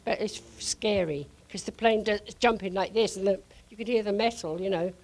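An older woman preaching to a congregation, telling a lively testimony story with frequent laughter. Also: medium pitch, fairly quick. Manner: animated storyteller, laughing often.

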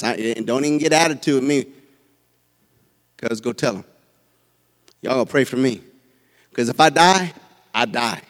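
A man's voice: mid-range voice, in a large hall, pitched below the performer's own voice, natural voice. A man voicing a determined young queen with street toughness, blunt and commanding.

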